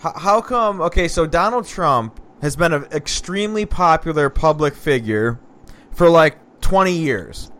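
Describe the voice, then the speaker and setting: A man with a fairly high voice co-hosts a loose, casual chat. He reads listener questions aloud and talks bluntly, peppering his speech with swear words. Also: animated, measured pace, a bit bright. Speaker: podcast co-host.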